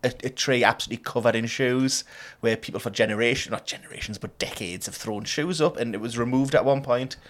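A man's voice: medium pitch, quick pace. A man with a mid-range voice co-hosts a comedy podcast. He tells his stories in a chatty way, laughing into them as he goes. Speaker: podcast co-host. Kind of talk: casual comedic storytelling.

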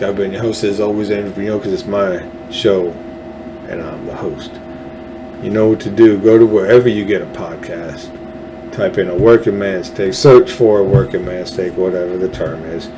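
A man's voice: sits low, fairly even intonation, normal speed, noisy background. A man hosting his own podcast, ranting bluntly and heatedly about politics and swearing freely. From Texas. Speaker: podcast host. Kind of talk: angry political rant.

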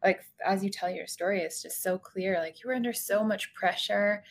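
A woman hosts a group video call and responds to a story in a sympathetic, reflective way. Her voice has a noticeable gravelly fry running through it. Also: medium pitch, normal speed.

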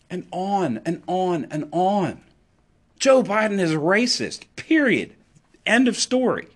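A man speaking in an impassioned political monologue, with a fairly high voice that leaps up and drops low all the time. He is emphatic and sarcastic, jumping between loud declarations and muttered asides. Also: big pitch swings, normal speed. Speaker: political commentator.

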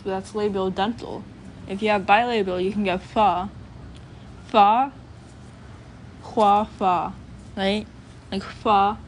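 A woman's voice: medium pitch, slight background noise. A woman vlogging in a casual, rambling monologue, full of fillers, who repeats sounds aloud to show how they are spoken. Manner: chatty, filler-heavy, sounds out phonetic examples. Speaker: student vlogger.

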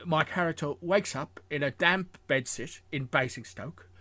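A man's voice: fairly high pitch, a little slow, pushed and bright, no echo. A man impersonating a wry elderly film star. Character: impression of an elderly male film star telling an anecdote.

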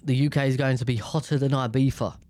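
A man's voice: medium pitch, steady tone, fast, a little mellow, dry recording. A British man from the UK in a casual, rambling monologue, swearing freely and airing strong opinions. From United Kingdom.

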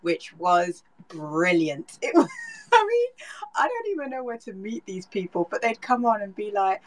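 A woman with a British accent tells a story in a lively, playful way, laughing as she goes. Her voice is mid-pitched for a woman. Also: a little slow, low-quality recording. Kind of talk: animated storytelling chat.

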